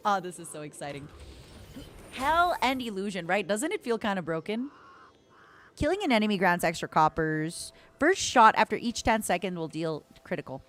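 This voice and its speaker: Playful woman streamer, lively voice. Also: mid-range voice. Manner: playful, calls viewers honey and darling. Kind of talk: casual gameplay commentary.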